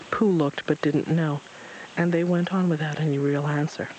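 A man reads a storybook aloud in a calm, even manner. His voice sits a little high. Faint hiss hangs under the recording. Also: moderate pace, low-quality recording. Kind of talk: storybook read-aloud narration.

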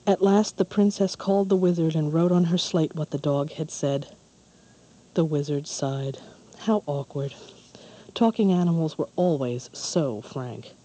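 A storyteller giving a measured, calm scripted narration of a fairy tale. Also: mid-range voice, rough recording.

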